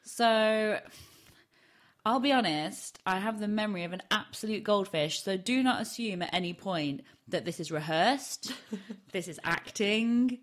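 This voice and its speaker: A woman's voice: mid-range voice, unhurried. A woman from Yorkshire, England, co-hosting a casual true-crime podcast. She talks in a chatty, self-deprecating way and laughs often. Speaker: podcast co-host.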